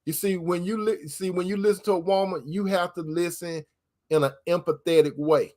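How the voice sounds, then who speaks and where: A man with a high voice gives relationship advice in a preacherly manner. He calls his listeners brother and drags out key words slowly for emphasis. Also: fairly even intonation, dark tone. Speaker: host giving relationship advice. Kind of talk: preacherly advice talk reading viewer comments.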